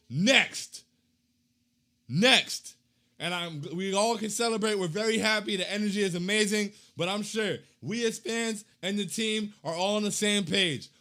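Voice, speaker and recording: A young man reads fan comments on a casual postgame chat he hosts. He's hyped and slangy, bouncing between loud chanting and muttering quietly.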